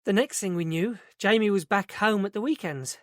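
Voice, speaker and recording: A man's voice: sits high, normal speed, dry recording, studio quality, voice pushed up, lightly acted. A man voicing a flustered middle-aged woman who runs a day centre, in a raised, fluttery voice. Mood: brisk. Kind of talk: audiobook character reading.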